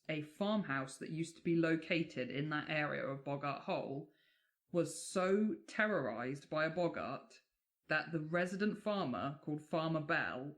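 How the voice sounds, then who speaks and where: A woman from England, a podcast co-host telling folklore tales in a chatty way with casual swearing and many fillers. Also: sits low.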